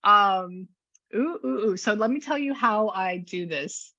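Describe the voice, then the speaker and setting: A woman's voice: medium pitch, expressive, a little slow, sharp tone, no room sound, highs cut off. A woman working as a psychic medium, talking casually and gushingly through a reading, with many restarts. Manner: chatty, gushing, restarts often.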